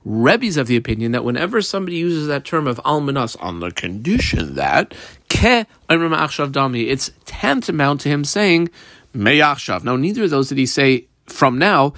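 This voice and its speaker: Man, Talmud class teacher, lively swooping delivery, dry close sound. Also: a little high, moderate pace, no echo. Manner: animated, mixes Hebrew-Aramaic terms into English explanation. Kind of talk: daily page Talmud class.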